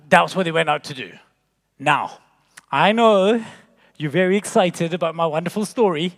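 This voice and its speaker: A man in his forties giving a jokey, animated conference keynote into a stage mic, weaving in stories. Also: high-pitched, creaky. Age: 40s. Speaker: keynote speaker. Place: large conference hall. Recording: long reverb in a conference hall.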